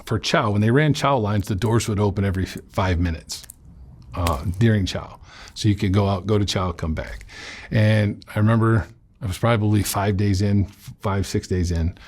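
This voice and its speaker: A man recounting a personal story in an interview, blunt and profane, often halting and restarting mid-sentence. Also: fairly low pitch, darkish tone, slightly rough. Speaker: interview guest.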